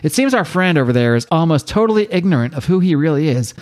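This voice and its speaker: A man voicing a calm, courtly old male wizard mentor, speaking in a formal, measured way. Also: on the high side, voice pushed up, natural voice.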